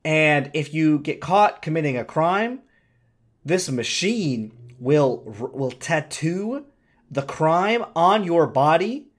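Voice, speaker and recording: A man's voice: on the high side, animated, slow pace. A young man in casual chat, rambling with lots of fillers and swearing.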